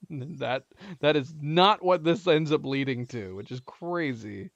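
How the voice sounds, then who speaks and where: A man's voice: on the high side, slow, gravelly, no echo, lo-fi sound. A man hosting a let's play, musing aloud about the game in a casual, chatty way. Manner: chatty, musing, chuckles often. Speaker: gaming channel host.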